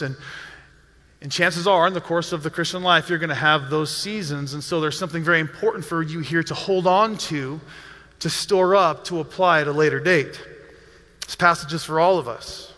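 A male pastor delivers a sermon in an earnest, pastoral way, often doubling a word as he begins a thought. His voice sits high and sounds bright and forceful, ringing with the long reverb of a church sanctuary. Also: moderate pace. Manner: earnest, pastoral, repeats words when starting phrases.

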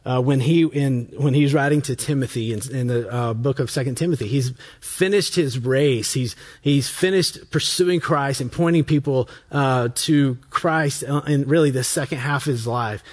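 Casual, self-correcting male pastor. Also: mid-range voice. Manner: conversational, self-correcting, with frequent restarts and fillers; reads scripture aloud in a slower, quieter voice. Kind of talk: sermon.

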